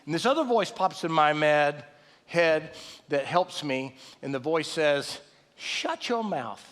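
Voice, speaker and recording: A man in his late fifties preaching a sermon in a folksy, animated way with self-deprecating asides. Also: fairly high pitch, unhurried. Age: 50s. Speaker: pastor. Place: large church hall. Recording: live sermon with long hall reverb.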